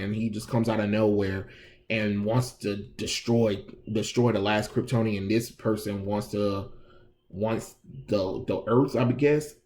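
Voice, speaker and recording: A man's voice: on the low side, warm tone, a little hiss or hum. A man giving a casual, exasperated review of a comic book, sarcastic, slangy and full of restarts.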